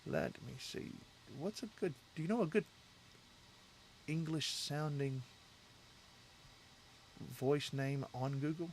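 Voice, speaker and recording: A man's voice: on the high side, takes it slowly, long pauses, darkish tone, a little hiss or hum. A man hosting a casual livestream, rambling and talking straight to his chat viewers from a home setup. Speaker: livestream host.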